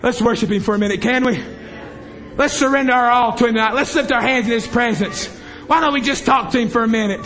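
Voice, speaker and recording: A man's voice: extremely high pitch, fast talker, a bit bright. A man preaching a fervent revival sermon in a church service, impassioned and repetitive as he calls out to the congregation.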